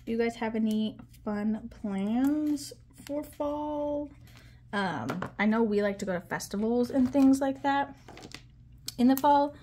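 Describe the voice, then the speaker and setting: A woman talking casually to viewers while she counts money out loud, chatty and with frequent ums. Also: on the high side, takes it slowly, a little hiss or hum. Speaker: budgeting vlogger.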